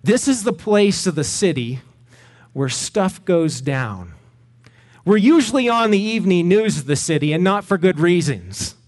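A middle-aged man from Canada, a pastor telling a lively story in a sermon and acting out the voices of the people in it. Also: high-pitched, a little slow. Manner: animated storyteller, acts out voices.

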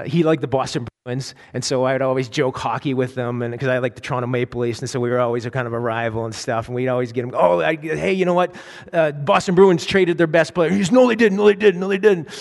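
A man's voice: medium pitch, in a large hall. A pastor, a man, preaching a sermon in an earnest way, often restarting his sentences and breaking into storytelling asides.

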